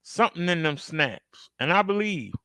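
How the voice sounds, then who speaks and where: A man's voice: fairly high pitch, animated, normal speed, pushed and bright, dry recording. A man hosting a reaction video, talking casually and emphatically to his viewers and acting out outbursts as he tells a story. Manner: conversational, addresses viewers directly. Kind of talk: casual commentary.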